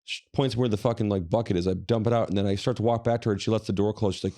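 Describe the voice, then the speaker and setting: A podcast co-host tells a rambling, profane story in casual chat, quoting others along the way. His voice sits on the low side with fairly even intonation, and he talks very fast in a warm tone.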